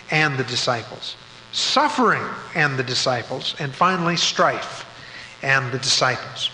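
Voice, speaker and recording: A man's voice: fairly high pitch, bright, forceful tone. A man teaching a church Bible study, working through his points in order and sometimes restarting a phrase. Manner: methodical, lists points, occasional restarts. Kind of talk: sermon-style Bible teaching. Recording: echoey hall with faint hum.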